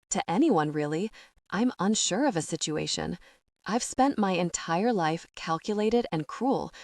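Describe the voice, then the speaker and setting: Woman, romance audiobook narrator, soft and measured, lowish voice, dry close recording. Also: dry recording.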